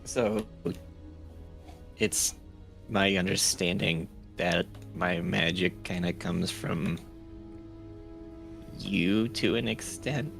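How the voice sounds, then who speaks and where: Deep, gravelly, hesitant man. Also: steady tone, a bit bright, faint music behind. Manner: hesitant, halting, restarts. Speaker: player. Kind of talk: casual tabletop play.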